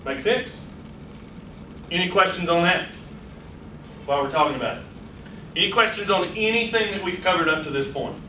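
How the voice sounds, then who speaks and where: A man giving a lively, playful public speaking workshop to a small audience in a meeting room, speaking straight to them. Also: high-pitched, moderate pace, long pauses, slight background noise. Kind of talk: live workshop lecture. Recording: echoey room, voice from a distance.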